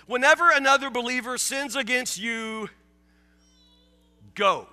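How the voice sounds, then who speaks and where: A man's voice: very high voice, fairly even intonation, unhurried, bright, forceful tone, smooth, long reverb tail, faint music behind. A male pastor preaching a sermon with emphatic repetition, acting out his listeners' objections. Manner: emphatic, repeats key phrases, acts out listeners' objections.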